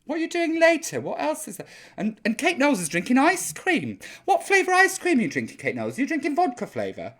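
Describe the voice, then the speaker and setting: A woman's voice: high voice, wildly swooping pitch, fast talker. An older woman hosting a live chat stream, reading out viewers' comments in a cheeky, sweary, rambling way, sounding a little tipsy.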